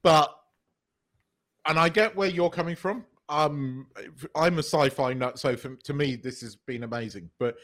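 A man's voice: a little high, measured pace, a bit bright. A man co-hosting a podcast in casual, emphatic chat, swearing now and then. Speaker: podcast co-host.

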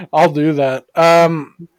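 A man's voice: fairly high pitch, no room sound. A man co-hosting a casual movie podcast, rambling with lots of fillers and swearing freely. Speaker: podcast co-host.

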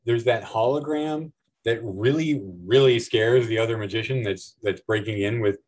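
A man's voice: medium pitch, moderate pace, darkish tone, poor audio. A man who is a guest on a podcast, talking loosely about films with many fillers. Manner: loose, rambling, filler-heavy. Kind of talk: casual film discussion.

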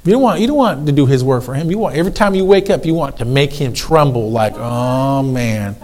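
A man in his fifties preaching an animated sermon as a pastor, repeating himself and calling for responses from the congregation. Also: fairly high pitch, quick pace, rough recording.

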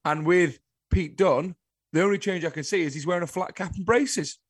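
A man co-hosting a casual wrestling podcast, ranting with exasperation and jumping into high, incredulous outbursts. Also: moderate pace, husky, dry recording, studio quality. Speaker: podcast co-host.

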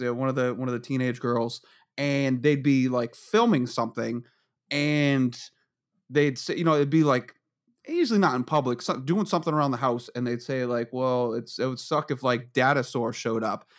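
A man's voice: medium pitch, moderate pace. A man chatting casually on a podcast, rambling and swearing, often laughing as he tells stories. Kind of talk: casual chat.

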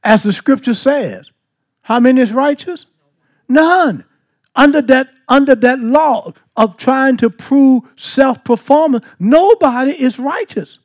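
A man's voice: very high voice, expressive, slow pace. A man teaching a Bible study, asking the listeners questions and then answering them. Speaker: preacher.

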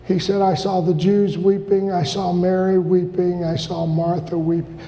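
A man preaching a sermon with fervor, his high voice rough with gravel and often rising to a shout. The sound rings with the long reverb of a large hall, as in a church sanctuary. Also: little pitch movement, moderate pace.

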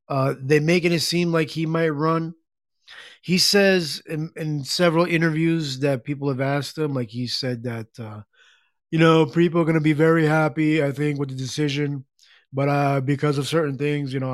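A man hosting his own podcast live, chatting casually and reading listener comments, talking in a halting way with many fillers and restarts and often clearing his throat. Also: on the high side, dry recording, clean studio sound. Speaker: podcast and internet radio host.

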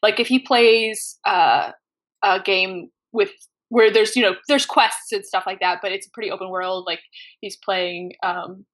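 A woman in her thirties telling funny stories in casual chat, animated and quick to act out quotes in voices. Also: mid-range voice. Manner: animated, acts out quotes in voices, laughs often. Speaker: podcast guest. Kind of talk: casual storytelling.

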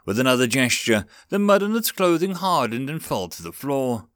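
A man narrating a story aloud in an expressive, lively reading. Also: mid-range voice, moderate pace, few pauses, no echo, studio quality.

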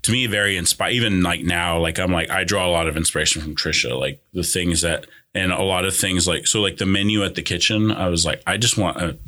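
A man's voice: low-pitched, fairly quick, few pauses, sharp tone. A young man telling a personal story in casual chat, rambling with many fillers and restarts. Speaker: guest.

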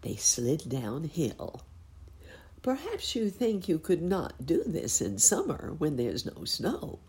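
A woman reading a children's storybook aloud in a gentle, expressive way. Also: sits low, gravelly.

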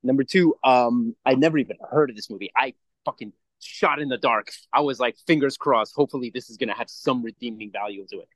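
A man's voice: medium pitch, quick pace, dry recording. A man co-hosting a podcast in casual chat, rambling and swearing freely as he acts out little quotes. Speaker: podcast co-host.

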